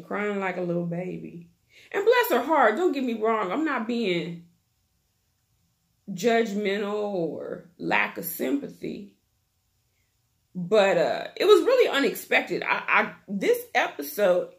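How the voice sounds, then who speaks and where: A woman talks through a reality-TV episode like she's gossiping with a friend, full of slang and asides. She takes her time, and her voice keeps sinking into a rough, crackly fry. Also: lowish voice. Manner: chatty, gossipy, slangy storytelling. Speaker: YouTube TV recap host. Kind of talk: casual reality-TV recap chat.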